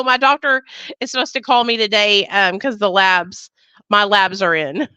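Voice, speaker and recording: A woman's voice: mid-range voice, normal speed, sharp tone, clean tone. A woman hosting a casual live chat, talking bluntly with frequent swearing and laughter over a video call. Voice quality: blunt, profane, laughs often. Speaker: podcast host.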